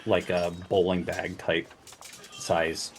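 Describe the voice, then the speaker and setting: A man's voice: low voice, flat delivery, slow pace, a little hiss or hum. A man narrating a tabletop game as game master, rambling with fillers and restarts. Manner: meandering, full of fillers.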